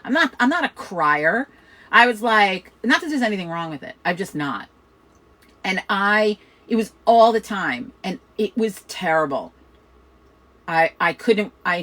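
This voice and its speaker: A middle-aged woman from Chicago with a New York accent, hosting a casual chat in a loud, fast, profane way. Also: on the low side, lively intonation, poor audio. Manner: loud, fast, swears a lot. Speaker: host of a witchcraft chat.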